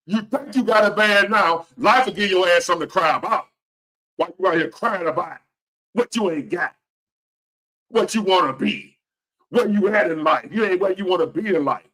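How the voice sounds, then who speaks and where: A man's voice: high voice, normal speed, sharp tone. A man in his fifties giving a blunt, profane, preachy motivational rant to the camera. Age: 50s. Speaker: vlogger.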